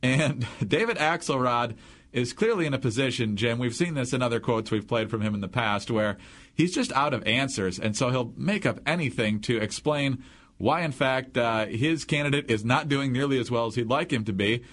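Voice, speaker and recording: Guy hosting a political podcast, brisk and wry, medium pitch. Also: expressive, a bit bright. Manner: brisk and wry, sets up clips. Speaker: podcast host. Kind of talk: political commentary chat.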